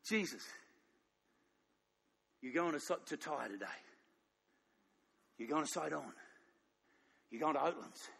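A man voicing God the Father as a calm, commanding figure, speaking low, hushed and grave. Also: slow pace, creaky, pauses often, husky, full character voice. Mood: solemn. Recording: long echoing hall reverb.

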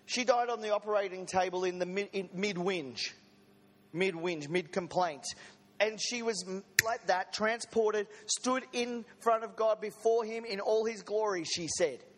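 A man delivers a sermon in a fairly high voice. He keeps it conversational and throws in light jokes to his listeners. The sound carries the long reverb of a church hall. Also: unhurried. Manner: conversational, with joking asides to the congregation. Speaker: preacher. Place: church service.

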